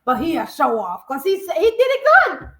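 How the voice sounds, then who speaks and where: A woman co-hosting a casual reaction video, playful and quick to laugh. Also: high voice. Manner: laughs often, animated and playful. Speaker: reaction channel co-host. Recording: echoey room.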